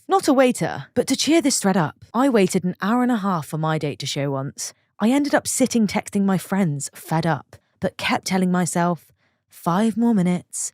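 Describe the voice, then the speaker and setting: Expressive woman reading stories. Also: on the low side, no room sound, studio quality. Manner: expressive, reacting aloud between stories. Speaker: story narrator. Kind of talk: reading online stories with chatty commentary.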